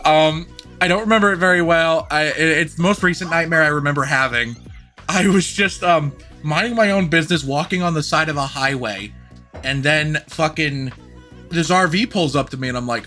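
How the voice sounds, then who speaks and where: A man's voice: fairly high pitch, a little fast, bright, forceful tone, faint music behind. A man co-hosting a podcast, telling a rambling story in a casual chat. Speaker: podcast co-host. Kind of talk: casual movie-review chat.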